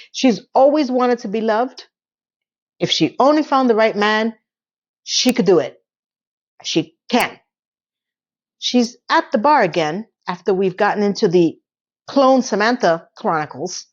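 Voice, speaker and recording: A woman's voice: on the high side, dull audio. Chatty woman recapping a TV episode. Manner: chatty, animated storytelling with voiced quotes. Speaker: TV recap vlogger. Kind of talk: casual TV recap commentary.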